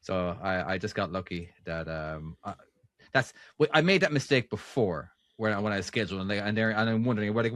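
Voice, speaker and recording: A man's voice: on the low side, expressive, fairly quick, fairly bright tone, dry recording. A man co-hosting a casual podcast chat, rambling with many restarts and fillers. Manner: rambling, lots of restarts and "you know". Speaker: podcast co-host. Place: America.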